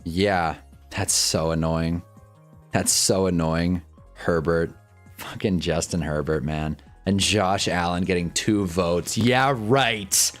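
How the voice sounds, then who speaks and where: A young man live-streaming commentary on a football awards show, swearing and laughing as he swings from loud outbursts to low mumbles. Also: steady tone, slow pace, soft background music. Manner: profane, laughs often.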